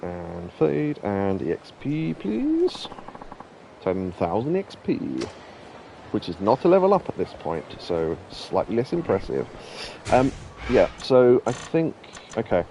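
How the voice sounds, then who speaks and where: A man casually commentating his gameplay, rambling through anecdotes and laughing at his own stories. His voice is mellow and dark-toned at a mid pitch. A faint hiss sits under the desk microphone. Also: very animated, measured pace, vocal fry. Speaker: let's play host.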